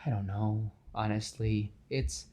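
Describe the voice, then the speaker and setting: A man voicing a caring, gentle elderly aunt who speaks softly and pleads. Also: fairly low pitch, fairly even intonation, takes it slowly. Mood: tender.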